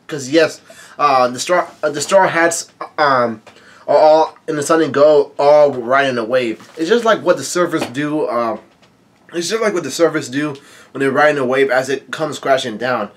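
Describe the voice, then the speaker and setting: At normal speed and medium pitch, the host of a manga reading channel reads lines out loud. His commentary rambles, packed with fillers and restarts.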